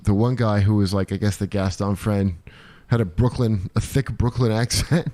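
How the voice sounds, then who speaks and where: A man co-hosting a podcast, tossing out deadpan, wisecracking asides in casual comedic chat. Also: fairly low pitch, normal speed, no echo. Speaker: podcast co-host.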